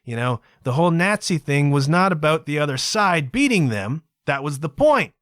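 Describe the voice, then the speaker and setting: Very animated and a bit bright, a Canadian host's slightly high voice moves at a moderate pace through his solo podcast monologue. His chatty digressions come tagged with "okay?" and "kids." It's a clean studio recording with no echo.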